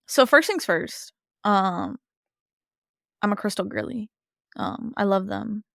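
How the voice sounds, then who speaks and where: A woman co-hosting a podcast in casual chat, gushing and animated, with lots of "like" and "um". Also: mid-range voice, slow, vocal fry, no echo, clean studio sound. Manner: gushing, animated, chatty with many fillers. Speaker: podcast co-host.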